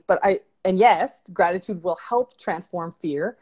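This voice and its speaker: Woman, life coach, lowish voice, reflective, candid, casual interview, video call. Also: a little slow, darkish tone, slightly rough. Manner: reflective and candid, talks things through with many "like"s. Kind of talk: casual conversation on a livestream interview.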